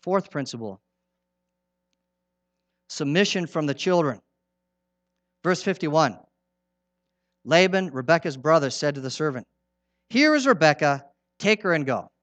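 A middle-aged man preaching a sermon in an earnest, emphatic way, repeating his key lines and dropping from loud to hushed. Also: a little high, big pitch swings, measured pace, long pauses, no echo.

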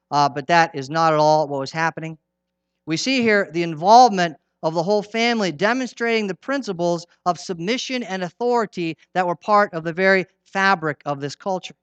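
Emphatic bright-voiced male preacher. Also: sits high, smooth, no echo, muffled recording. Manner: earnest, emphatic, repeats key lines, swings between loud and hushed. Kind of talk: sermon.

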